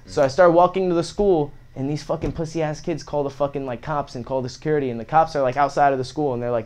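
A young man tells a story in loose, casual talk, swearing freely. He jumps into the voices of the people in the story. His pitch sits in the middle of the male range. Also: quick pace. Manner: profane, animated, acts out quotes. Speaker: guest telling a story.

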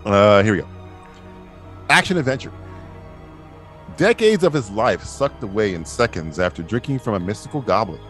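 A man running a casual podcast quiz, reading out clues and laughing a lot between them. His voice swoops up and down constantly, and he swears offhandedly. Soft music plays faintly behind him. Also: fairly low pitch, big pitch swings, moderate pace, long pauses. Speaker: quiz host.

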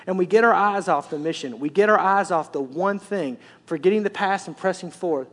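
A man pastor preaching a sermon, telling the story in an animated way with repetitive, emphatic phrasing. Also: sits high, fairly quick.

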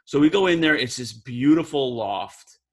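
A man's voice: mid-range voice, animated, normal speed. A young man telling a long story in casual chat, rambling and packing every phrase with "like". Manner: rambling, heavy use of "like". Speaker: podcast co-host.

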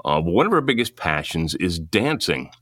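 A man's voice: sits low, sing-song, moderate pace, fairly bright tone, no echo, clean studio sound. A man hosting a podcast, chatting casually and rambling, often repeating words as he thinks aloud. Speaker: podcast host. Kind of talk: casual interview chat.

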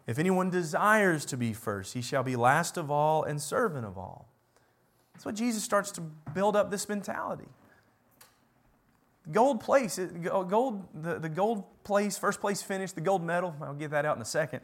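A man delivering a sermon in a fairly high voice. He talks in an animated way, rising to loud, emphatic lines and then dropping to quiet ones. Now and then he slips in a sarcastic aside. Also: a little slow. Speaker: preacher.

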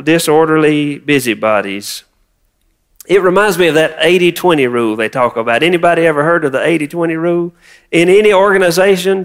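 A man preaching a sermon, reading scripture and prompting the congregation to repeat words. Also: on the high side. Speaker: pastor.

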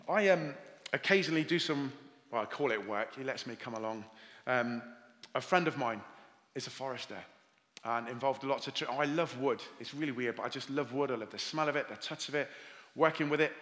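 A man's voice: mid-range voice, moderate pace. A man with a Welsh accent preaching a sermon as pastor, telling stories and reading scripture aloud. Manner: warm storytelling with scripture readings. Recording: long hall reverb.

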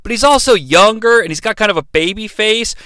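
A man's voice: sits high, a little fast, bright, forceful tone, smooth, no room sound, studio quality. A man hosting a podcast, reviewing a wrestling match solo in a profane, sarcastic, mock-outraged way. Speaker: podcast host.

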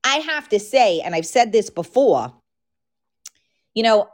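Woman podcaster, frank casual chatter, slightly worn voice, mid pitch. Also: sing-song, a little slow. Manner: frank, chatty, talks straight to listeners. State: losing her voice. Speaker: podcast host. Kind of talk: casual chat.

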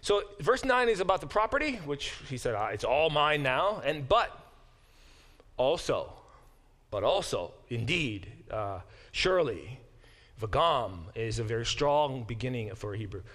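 A man's voice: mid-range voice, big pitch swings, measured pace, a bit bright. A middle-aged man teaching a Bible class, explaining verses, often correcting himself, and reading passages aloud with emphasis. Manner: explanatory, digressive, self-correcting; reads verses aloud with emphatic, lifted delivery. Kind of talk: lecture.

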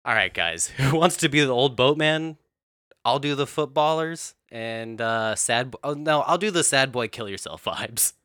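A man's voice: mid-range voice, expressive, moderate pace, bright, forceful tone, no echo, clean studio sound. A man hosting a comedic, profane recap of a TV show, laughing often. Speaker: host.

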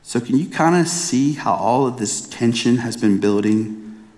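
During a sermon, a thirtysomething male pastor shares a personal story with earnest, chatty warmth, often restarting what he says. His voice sits in the mid range, slightly mellow, with lively intonation and a measured pace.

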